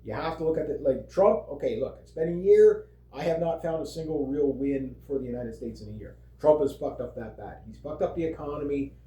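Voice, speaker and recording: Guy ranting on his vlog, kinda high mellow voice, lots of swearing and uh like you know, echoey room. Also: brisk, hardly any pauses, highs cut off. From Canada. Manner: rambling, profane, heavy fillers, laughs often. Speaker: vlogger. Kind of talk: casual political rant. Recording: roomy echo.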